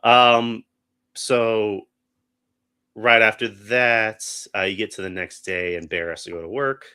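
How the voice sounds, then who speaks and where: A man's voice: fairly low pitch, fairly even intonation, slow pace, pushed and bright, smooth. A man co-hosting a podcast, chatting casually through a movie review, rambling with restarts. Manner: rambling, full of restarts and acted-out quotes. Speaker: podcast co-host.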